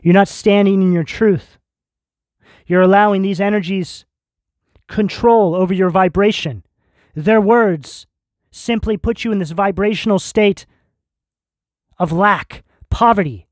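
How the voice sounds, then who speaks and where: A man's voice: high-pitched, measured pace, pauses often, no room sound, studio quality. A man giving a tarot reading straight to his viewers, earnest and reassuring, with lots of spiritual terms. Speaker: tarot reader.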